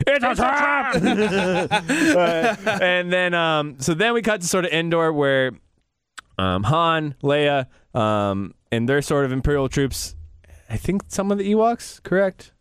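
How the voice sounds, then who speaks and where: A young man co-hosting a casual chat, jokey and animated, often acting out lines in silly voices. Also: fairly high pitch, measured pace, smooth, no echo, studio quality. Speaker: podcast co-host. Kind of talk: casual chat recapping a film.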